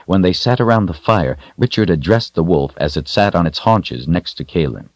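Deep-voiced male audiobook narrator. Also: animated, moderate pace, hardly any pauses, dry recording, dull audio. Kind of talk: scripted narration.

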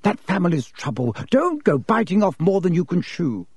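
A man's voice: high-pitched, big pitch swings, normal speed, darkish tone, husky, no room sound, pitched above the performer's own voice, heavily acted. A man voicing an anxious, protective mother witch in a raised, fussing voice. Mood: stern.

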